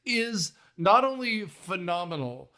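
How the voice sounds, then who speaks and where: Podcast host, male, high voice, casual joking film chat, swears freely. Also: big pitch swings, slow pace, pushed and bright. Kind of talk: casual movie-review chat.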